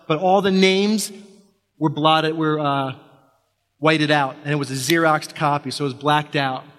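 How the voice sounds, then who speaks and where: A man's voice: a little high, steady tone, a bit bright. Man telling a personal story in a reverberant hall. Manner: halting, full of restarts, building tension with repetition.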